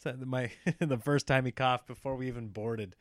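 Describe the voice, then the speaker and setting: A man in his thirties telling a story in casual chat, animated and slipping into the voices of people in it. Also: mid-range voice, moderate pace, no echo, studio quality.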